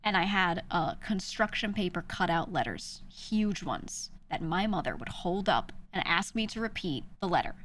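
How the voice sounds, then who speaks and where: A woman streamer in casual chat, telling animated stories with frequent laughs and lots of filler words. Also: medium pitch, normal speed, hardly any pauses, slight background noise. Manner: animated storytelling, laughs often; chatty, many "like" fillers.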